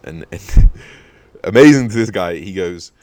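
A young man with a very deep voice hosts his podcast, spinning a sweary, animated anecdote. The sound is dry and close, with no room around it. He jumps into acted-out bits of dialogue as he goes. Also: measured pace, no echo. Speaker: podcast host. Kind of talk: casual storytelling monologue.

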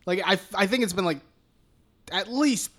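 A man's voice: high voice, normal speed, fairly bright tone. A young man co-hosting a film podcast in casual chat, swearing a lot and laughing often as he rambles. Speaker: podcast co-host.

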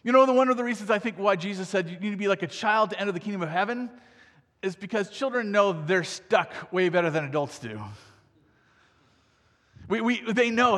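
A man's voice: high voice, expressive, brisk, a bit bright, big-room sound. A male pastor preaching a sermon in a conversational way, often checking in with the congregation with rhetorical "right?" asides.

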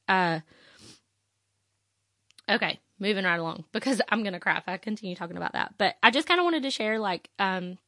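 A woman's voice: medium pitch, fairly bright tone, no echo, studio quality. A woman, talking on her faith podcast in an emotional, rambling way with many fillers. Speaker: podcast host. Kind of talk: personal faith podcast talk.

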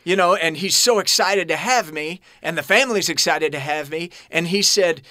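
Man, late thirties, bright voice, earnest halting storytelling, dry close-miked sound. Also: a little high, no echo. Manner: earnest and halting, many restarts. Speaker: podcast guest, adoptee. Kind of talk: personal storytelling in an interview.

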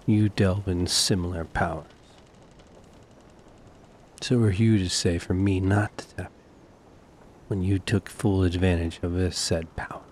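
A man voicing a grim young noble who is burdened and brooding, speaking low and measured in a tabletop game. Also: steady tone, darkish tone, slight background noise. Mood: grave.

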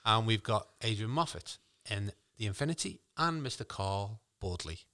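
A man with a low, bright voice, chatting casually as a co-host. He talks with an enthusiastic, jokey manner and laughs often. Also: animated, normal speed. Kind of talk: casual chat.

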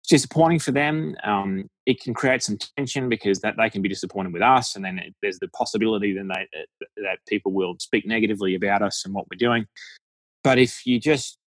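A man's voice: lowish voice, brisk, no room sound. A man with an Australian accent talking as a deacon guest in a frank, jokey podcast chat, laughing often. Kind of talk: casual podcast conversation.

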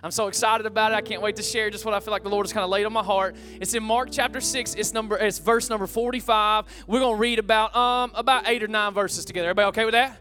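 Male pastor, high voice, energetic sermon with crowd call-outs, guitar music underneath. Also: quick pace, few pauses. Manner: energetic, call-and-response with congregation. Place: church sanctuary.

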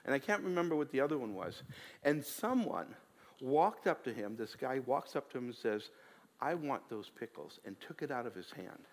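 A man preaching a sermon as a pastor, animated, with frequent restarts and repeated words. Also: mid-range voice, moderate pace, long reverb tail.

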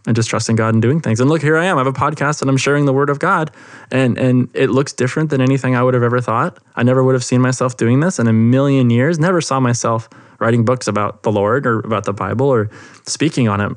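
A man's voice: medium pitch, no echo. Earnest man sharing a faith testimony. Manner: earnest, enthusiastic, many fillers and restarts. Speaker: podcast host. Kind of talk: casual faith podcast testimony.

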